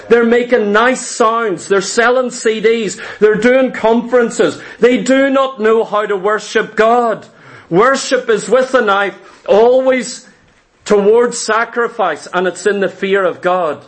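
A man preaching a sermon, retelling scripture stories dramatically and acting out the quoted voices. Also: high voice.

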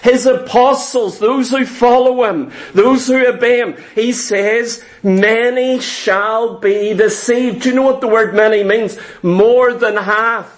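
A man preaching a sermon, emphatic and deliberate, repeating phrases for stress. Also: very high-pitched, fairly even intonation, poor audio. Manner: slow, deliberate delivery.

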